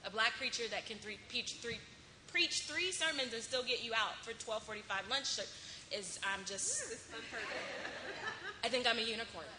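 A woman's voice: on the high side, animated, normal speed, pauses often. A woman pastor hosting a question and answer time in church, playful and joking about herself. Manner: playful, laughing, self-deprecating. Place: church sanctuary. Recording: echoey room with background noise.

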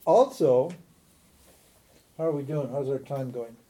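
Mellow-voiced man teaching, animated and laughing. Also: mid-range voice, a little slow. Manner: animated and chatty, laughs often, frequent restarts. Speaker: spiritual teacher. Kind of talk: informal lecture to a class.

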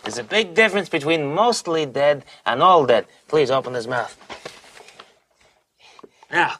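A cranky old male miracle worker, croaky and theatrical, with a high, swooping, bright voice. The film clip carries a faint hiss of background noise. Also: animated, a little slow. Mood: wry, grumbling.

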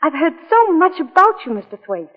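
A heartfelt young society wife with a high, expressive voice that rises and falls widely. She sounds earnest and tender. The broadcast is thin and tinny, with a long reverb. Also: a little fast. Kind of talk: 1940s radio acting.

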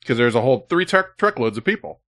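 A male live streamer tells his chat a story, sounding casual, profane and animated, with lots of "like" and "you know." His voice is medium in pitch and he talks quickly.

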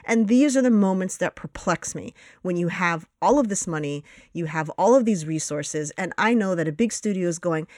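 A woman's voice: lowish voice, expressive, normal speed, hardly any pauses, a little mellow, no echo, clean studio sound. A woman co-hosting a casual film review podcast, blunt and opinionated, with the odd swear. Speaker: podcast co-host.

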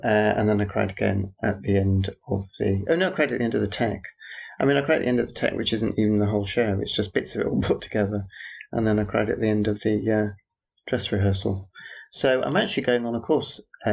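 A man's voice: lowish voice, gravelly, darkish tone, husky. A man rambling through a personal audio diary, making dry, wry asides about passers-by. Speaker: theatre worker.

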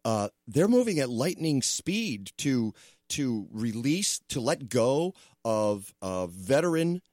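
A man's voice: medium pitch, sing-song, slow, a little mellow, no echo, clean studio sound. A man hosting a radio talk show, chatting loosely with restarts and asides.

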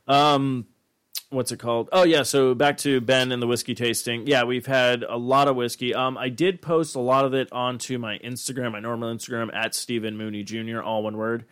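A man's voice: medium pitch, moderate pace, smooth. A man co-hosting a casual podcast chat, ranting and swearing freely. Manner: profane, ranting, animated. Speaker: podcast co-host.

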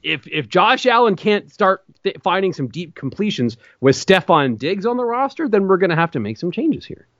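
A man's voice: high voice, sing-song, moderate pace, few pauses, a bit bright, no echo, dull audio. A man co-hosting a casual sports podcast, arguing his points and asking pointed questions about the teams. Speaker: podcast co-host.

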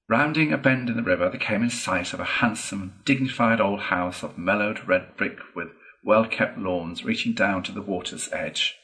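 A man reading a classic children's book aloud in a steady, measured storytelling voice. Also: lowish voice, rough recording. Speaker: reader.

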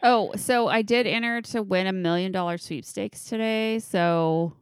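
A woman's voice: medium pitch, a little slow, clean tone, dry recording, clean studio sound. A woman co-hosting a casual chat show, reading out odd laws in an easygoing way and laughing often. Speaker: podcast co-host.

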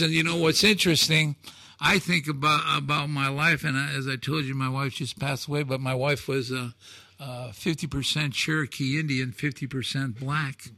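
A man in his sixties telling stories as a talk show guest, acting out dialogue with shouted quotes and emphatic delivery. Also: medium pitch, dry recording. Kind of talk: animated storytelling on a talk show.

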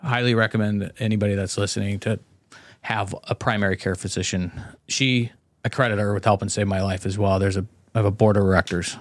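Podcast guest, male, lowish voice, dry close sound, blunt and swearing, candid storyteller. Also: steady tone, fairly quick, no echo. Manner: profane, blunt, frequent restarts.

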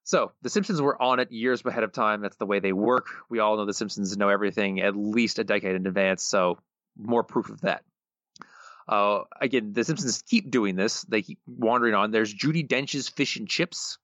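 A man co-hosting a podcast chats casually, loosely recapping a plot with plenty of fillers. His lowish voice has a fairly bright tone and a moderate pace, recorded on a dull, dry podcast mic with no room sound.

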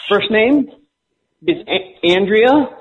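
A man on a prank call, deadpan and playing dumb, making folksy small talk. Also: sits high, slow, narrow, tinny audio, heavy background noise. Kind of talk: prank call played straight.

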